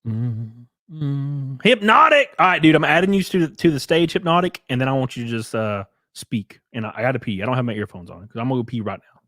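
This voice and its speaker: A man's voice: mid-range voice, fairly quick, dry recording, studio quality. A man hosting a livestream, talking loosely to his chat with plenty of swearing while he sets up guests. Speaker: host.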